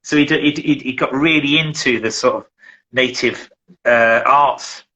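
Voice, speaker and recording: A man's voice: mid-range voice, normal speed, sharp tone, low-quality recording. A middle-aged man from England, a survival instructor chatting casually as an interview guest, who rambles and restarts his sentences often.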